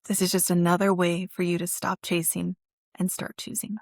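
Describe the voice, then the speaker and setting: A woman's voice: on the low side, little pitch movement, normal speed, no echo. A woman therapist hosting her own self-help podcast. She talks directly to the listener in an earnest, encouraging, emotionally open way.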